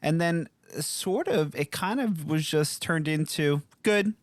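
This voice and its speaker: A man's voice: fairly high pitch, expressive, a little slow, no echo. A man co-hosting a parenting podcast, talking in a rambling, earnest way and laughing easily. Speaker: podcast co-host. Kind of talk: casual podcast chat.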